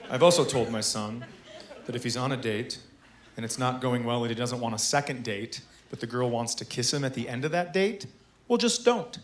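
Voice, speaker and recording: A man's voice: medium pitch, lively intonation, normal speed. Dry-spoken male stand-up comedian.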